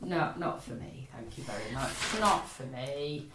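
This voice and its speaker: A woman's voice: extremely low pitch, animated, unhurried. A middle-aged woman co-hosting a podcast, blunt and chatty, with a lot of laughter. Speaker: podcast co-host. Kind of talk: casual chat. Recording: roomy echo, faint background noise.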